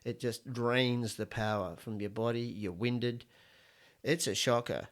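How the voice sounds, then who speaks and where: A man's voice: medium pitch, expressive, moderate pace. A middle-aged Australian man hosting a podcast on his own, rambling through jokes and opinions with plenty of swearing. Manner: crude, swearing, rambling joke-telling. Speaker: podcast host. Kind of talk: casual solo podcast monologue.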